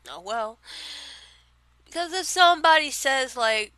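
A woman's voice: sits high, animated, measured pace, sharp tone. A young woman with a Southern accent chatting casually on a vlog, rambling with lots of fillers and frequent giggles. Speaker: vlogger answering question tag. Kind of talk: casual chat.

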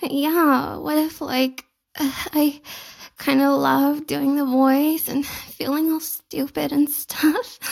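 Giggly, teasing young woman, high fry. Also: level tone, drawn-out words. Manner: playfully bratty and coy. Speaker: audio role-play performer. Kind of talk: intimate audio role-play.

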